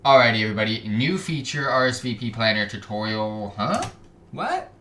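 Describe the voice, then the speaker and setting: A man's voice: on the low side, fairly even intonation, fairly quick, bright, forceful tone, echoey room, a little hiss or hum. A man streaming casual reaction commentary, sarcastic and often trailing off mid-sentence. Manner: sarcastic, trailing off, self-interrupting. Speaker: gaming streamer reacting to videos.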